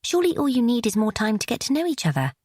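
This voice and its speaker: A woman voicing a young English lady in an audiobook, speaking in a high, anxious, pleading voice. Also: wildly swooping pitch, racing, a little mellow, breathy edge, dry recording, clean studio sound, full character voice. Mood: worried pleading. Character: fretful young English lady, eager and kind.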